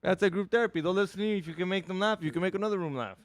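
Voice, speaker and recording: A man's voice: high voice, very fast, dry recording. A man co-hosting a podcast, talking emphatically and profanely, often calling the others "dog" and "bro.". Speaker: podcast co-host. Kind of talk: casual chat.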